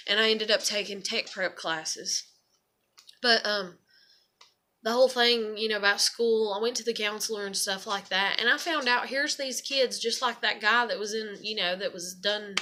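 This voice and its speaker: A woman's voice: a little high, bright, forceful tone. A young woman, venting in a rambling, emotional and frank monologue. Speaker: vlogger.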